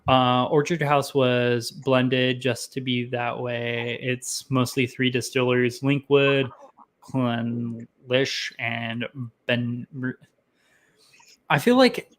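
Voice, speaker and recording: A man's voice: mid-range voice, slow. Man, young adult, tasting show host, casual chat, rambling, self-deprecating, filler words.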